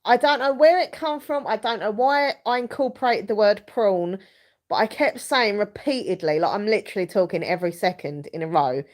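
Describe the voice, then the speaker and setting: A woman's voice: mid-range voice, lively intonation, a little fast. Giggly girl rambling on her live stream at home, chatty and all over the place. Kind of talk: casual live chat, reading comments.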